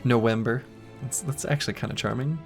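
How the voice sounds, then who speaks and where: A man's voice: medium pitch, expressive, moderate pace, soft background music. A man streaming a game, chatting casually in a joking, rambling and self-mocking way. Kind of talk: casual gameplay commentary and chat.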